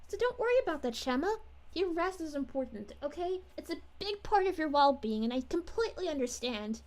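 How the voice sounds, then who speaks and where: A woman's voice: high voice, very animated, fairly quick, darkish tone. A woman voicing a cheerful young princess as a VTuber, greeting her stream viewers in a gushing, sing-song way. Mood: chatty. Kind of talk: in-character livestream chat.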